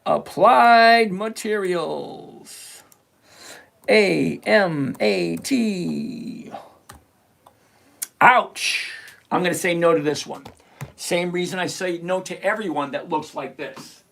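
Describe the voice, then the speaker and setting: His voice leans high and a bit bright, with fairly even intonation at a normal speed. The man hosts a live stock-picking stream at his computer, going over charts and explaining numbers bluntly and sarcastically, like a chatty teacher.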